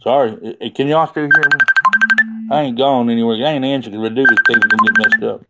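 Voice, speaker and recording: A man's voice: medium pitch, fairly even intonation, fast talker, loud music behind the voice. A man hosting a casual livestream from his phone, rambling and chatty and laughing often. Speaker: livestream host.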